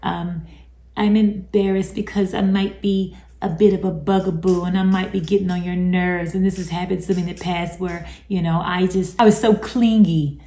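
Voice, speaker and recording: A woman's voice: lowish voice, fairly even intonation, normal speed, warm tone, natural voice. Woman mimicking a needy, self-pitying man. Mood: pleading. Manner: pleading, falsely bashful. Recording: roomy echo.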